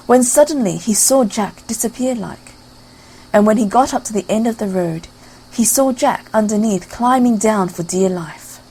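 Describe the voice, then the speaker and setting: A woman reads a fairy tale aloud in a lively storybook manner. Her voice is breathy and husky, set at a middle pitch. She tells the tale steadily, with rhythmic repetition. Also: low-quality recording. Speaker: narrator. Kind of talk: storybook narration.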